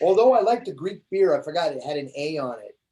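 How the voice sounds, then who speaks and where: Fast-talking and fairly high-pitched, this American comedian guests on a casual interview. He's an animated storyteller, spinning anecdotes and performing the voices of everyone in them.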